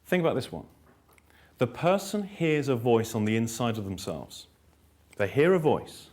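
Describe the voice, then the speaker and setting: Man, therapist-trainer, live workshop lecture: emphatic, blunt, repetitive for effect, dry and self-mocking. Mid-range pitch. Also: lively intonation, normal speed, darkish tone. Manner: wry storytelling with dry self-mockery.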